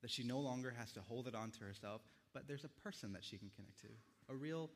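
Gentle male pastor in a reverberant church. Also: medium pitch, slight background noise. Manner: gentle, reflective storytelling with quiet pauses. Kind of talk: sermon.

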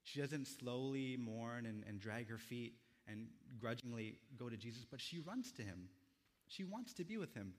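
Gentle male pastor in a reverberant church. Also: medium pitch, lively intonation. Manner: gentle, reflective storytelling with quiet pauses. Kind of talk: sermon.

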